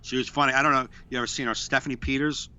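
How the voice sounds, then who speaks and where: A young man co-hosting a podcast, telling stories in a lively way and acting out what people said. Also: mid-range voice, rapid-fire, smooth, highs cut off. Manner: animated storyteller, acts out quotes. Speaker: podcast co-host. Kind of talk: casual chat, storytelling.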